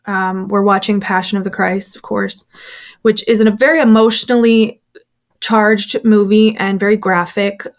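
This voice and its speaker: A woman in a relaxed interview, talking candidly and chattily about her past. Her voice sits at an ordinary middle pitch, neither high nor low. She tells the story with plenty of fillers and restarts and slips into the voices of the people she quotes. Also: normal speed. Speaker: former church member telling her story.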